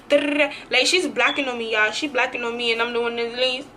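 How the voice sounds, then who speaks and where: Animated young woman telling a story. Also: fairly high pitch, quick pace, few pauses, a little hiss or hum. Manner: animated, slangy, dramatic retelling. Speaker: vlogger. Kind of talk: casual storytime.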